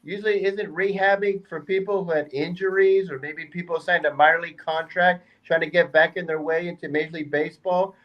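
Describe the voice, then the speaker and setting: A man's voice: fairly high pitch, fairly even intonation, fairly quick, few pauses, dull audio. A man on a sports talk panel giving an indignant, sarcastic rant.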